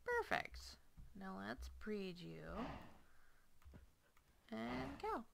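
A woman's voice: on the high side, wildly swooping pitch, extremely slow, gravelly, background noise. A woman hosting a casual gameplay video, chattily coaxing and playfully scolding the animals in her game. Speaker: let's play host.

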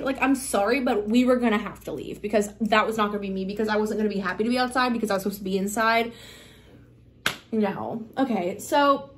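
A young woman with a slightly high voice recounts a stressful night to camera. She talks quickly and dramatically, jumping into the voices of everyone involved as she goes. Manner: dramatic, fast retelling full of quoted exclamations. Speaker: vlogger. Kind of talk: casual storytime vlog.

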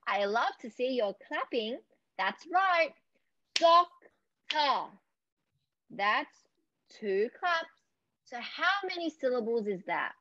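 A young Australian woman cheers small children on in a fairly high, lively voice, taking each phrase slowly. The sound is muffled and lo-fi, dry with no room around it. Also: no room sound. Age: young adult. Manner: gentle, encouraging, drawn out for young children. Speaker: speech clinic presenter. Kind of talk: children's educational lesson. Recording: dull dry lo-fi audio.

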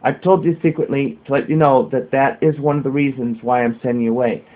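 A man reading the part of a sorrowful male spiritual master who speaks slowly and consolingly. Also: medium pitch, fairly even intonation, close to an everyday voice. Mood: grave. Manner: slow, solemn, consoling. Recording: dull lo-fi home recording.

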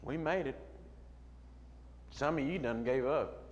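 A middle-aged man preaching a sermon as a pastor, moving between quiet storytelling and loud shouting. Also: medium pitch, slow, highs cut off. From United States. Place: church sanctuary. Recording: long hall reverb, faint room noise.

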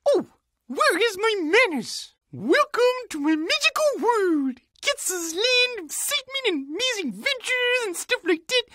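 A squeaky, giddy cartoon cat. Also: female voice, pushed and bright, no room sound, clean studio sound, exaggerated voice. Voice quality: squeaky, with playful broken grammar. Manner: bubbly, sing-song, repeats her own names in rapid chants. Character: chatty, cheerful cartoon cat, silly and excitable. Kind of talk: cartoon voice acting.

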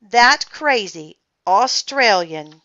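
Bright, animated woman reading a storybook. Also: a little high, extremely slow, dull audio. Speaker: children's book reader. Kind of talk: reading a children's book aloud.

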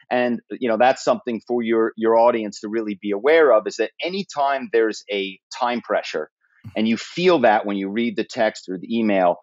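A man being interviewed, telling stories with lively energy and acting out the voices of people on the phone. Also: lowish voice, moderate pace, no echo, lo-fi sound. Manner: animated storyteller, acts out phone voices and accents. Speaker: guest, former corporate spy and author. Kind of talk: storytelling interview answers.

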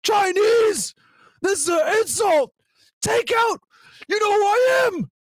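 A man voicing a furious young male chef who shouts profanity in a shrill, mocking tone. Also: animated, takes it slowly, no room sound, exaggerated voice.

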